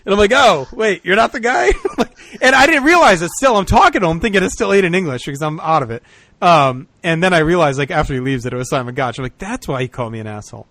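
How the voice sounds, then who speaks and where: A man's voice: fairly high pitch, animated, fast, pushed and bright, no room sound. A man co-hosting a podcast, telling a story in casual chat, swearing often and laughing as he talks. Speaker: podcast co-host.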